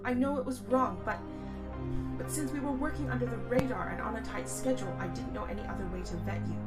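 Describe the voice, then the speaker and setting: A woman's voice: fairly high pitch, natural voice. A woman voicing a remorseful princess in a borrowed body, speaking in an earnest, explanatory way. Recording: loud music behind.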